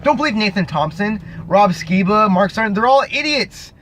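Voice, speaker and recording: A man's voice: sits high, animated, normal speed, fairly bright tone, a little hiss or hum, rough recording. A man vlogging an angry, profane rant straight to camera, insulting and emphatic. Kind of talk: angry ranting monologue to camera.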